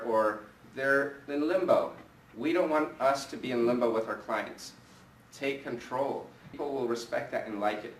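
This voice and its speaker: A man running a live sales training, energetic and coaching, putting questions to the people in front of him. His voice comes from some way off the mic, in an echoey room with a faint hum of ambience behind it. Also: mid-range voice, recorded from a distance.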